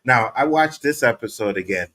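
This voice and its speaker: A man co-hosting a casual show recap, animated and laughing often as he acts out lines from scenes. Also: mid-range voice, normal speed. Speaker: podcast co-host.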